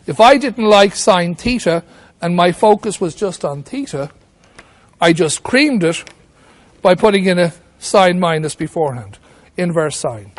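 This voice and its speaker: A man teaching maths at a whiteboard, walking through each step and asking himself questions as he goes. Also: high-pitched. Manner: talks through steps with rhetorical questions. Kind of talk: whiteboard lesson.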